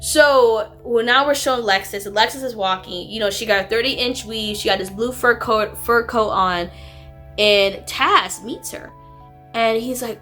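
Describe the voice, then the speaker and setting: Woman vlogger, higher-pitched voice, chatty movie-review recap over soft music. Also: unhurried. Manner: chatty, filler-heavy retelling with sassy asides. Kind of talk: casual movie review vlog. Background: faint background music.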